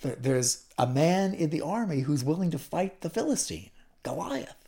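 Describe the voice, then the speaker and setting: A woman's voice: sits low, animated, moderate pace, warm tone. A woman retelling a Bible story in a chatty teaching style, with asides and repeated words.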